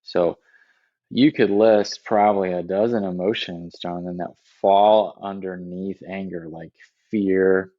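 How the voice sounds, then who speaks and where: A man's voice: low-pitched, fairly even intonation, a little slow, dry recording, lo-fi sound. A man in a podcast conversation, explaining reflectively and often checking in with "right?" as he talks.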